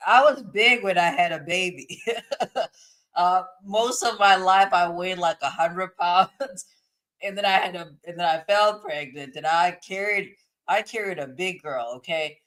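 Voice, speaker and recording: Chatty woman streamer, bright voice. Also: fairly low pitch, measured pace. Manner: chatty, laughs often while reading comments. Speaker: live stream host. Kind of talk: casual live stream commentary reading chat.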